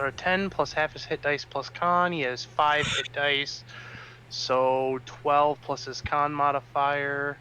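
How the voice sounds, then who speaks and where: Slow, bright-voiced man playing a tabletop game. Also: fairly high pitch, a little hiss or hum. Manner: slow, working through rules aloud. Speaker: player.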